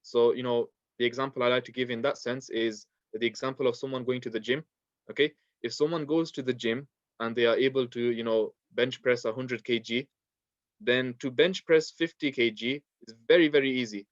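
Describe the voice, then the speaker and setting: A man's voice: medium pitch, fairly even intonation, a little fast, no room sound. Brief: male teacher, patient and repetitive, dry, slightly muffled classroom recording. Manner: patient, repetitive explanations with many fillers. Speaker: Quran recitation teacher.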